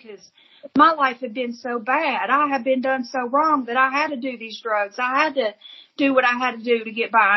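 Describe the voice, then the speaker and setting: Woman guest, husky higher voice, earnest vivid testimony, lo-fi sound. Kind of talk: emotional personal testimony.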